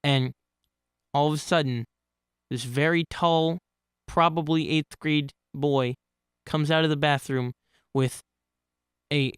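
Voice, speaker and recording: Man, slightly high voice, smooth and clear, dry close sound, casual rambling storytelling, restarts mid-sentence. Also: fairly even intonation, slow pace, pauses often, a bit bright, dry recording. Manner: rambling, with frequent restarts and self-corrections. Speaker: channel host telling stories.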